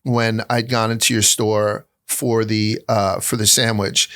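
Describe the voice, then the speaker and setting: Blunt, profane New podcast host. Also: male voice, on the low side, little pitch movement, a little slow. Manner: blunt, profane, does loud impressions. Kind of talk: casual interview chat.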